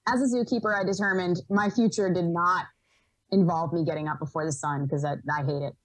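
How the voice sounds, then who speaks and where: A young woman from Rhode Island telling stories as a podcast guest, animated, laughing often and acting out what people said. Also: on the low side, fairly quick, no echo, low-quality recording. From Rhode Island, USA. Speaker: podcast guest, environmental educator. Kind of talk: casual storytelling in an interview.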